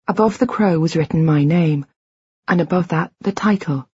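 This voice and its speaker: A woman reading a first-person audiobook in a measured, reflective, quietly intimate way. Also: on the low side, husky, dry recording, lo-fi sound. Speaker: audiobook narrator.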